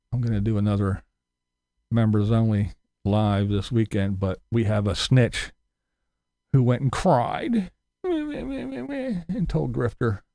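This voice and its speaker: A YouTuber with a warm-toned voice, recorded with no room sound, rants angrily to his viewers in a vlog. He swears a lot and mocks his critics with high-pitched impressions.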